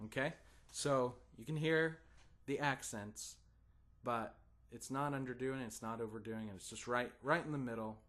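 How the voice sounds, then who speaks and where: A man's voice: mid-range voice, normal speed. A man gives a guitar lesson in a patient, encouraging way. He counts in the student and sings strum rhythms as plain syllables, stressing some beats. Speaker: guitar teacher.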